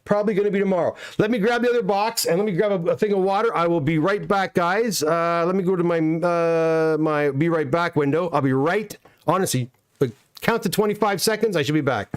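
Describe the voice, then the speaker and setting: A man's voice: on the high side, brisk, smooth. A middle-aged Canadian man hosting a casual live stream from his home workshop. He reads viewer comments aloud and answers each one with a chatty, self-deprecating manner. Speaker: comic book pressing business owner streaming a live unboxing.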